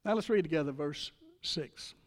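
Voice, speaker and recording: A man's voice: fairly high pitch, normal speed. An older man preaching a sermon as pastor, retelling scripture with dramatic emphasis. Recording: long reverb of a large hall.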